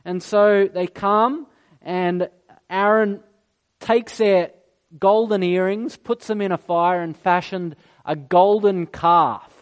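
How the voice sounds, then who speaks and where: A man delivers a sermon in a notably high voice. He tells the story with animation and slips into the voices of the figures he quotes. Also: steady tone, takes it slowly, clean tone. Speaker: preacher.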